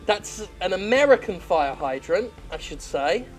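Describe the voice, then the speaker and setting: A woman's voice: lowish voice, lively intonation, measured pace, soft background music, low-quality recording. A woman game critic giving sarcastic, profane commentary while playing. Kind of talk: sarcastic let's-play commentary.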